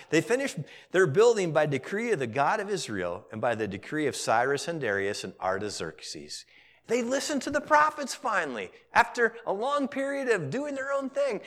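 A man, a pastor, preaching a sermon and retelling scripture as lively storytelling, with casual voices for the characters. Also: a little high. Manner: animated storytelling, paraphrasing characters in casual modern speech.

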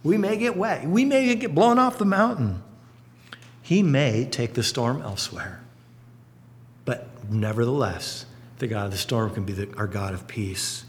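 Earnest man preaching in a reverberant hall. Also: a little slow. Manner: earnest, storytelling, lively swings in pitch and volume. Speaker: pastor. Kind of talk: sermon. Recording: long hall reverb, faint hum.

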